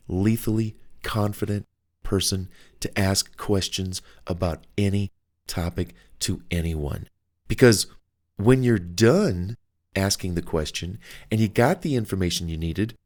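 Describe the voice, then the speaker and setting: A man's voice: fairly low pitch, darkish tone. A man narrating his own self-help audiobook in a chatty, coaching way. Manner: conversational, acts out quoted phone calls; upbeat and coaching. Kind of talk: motivational audiobook talk.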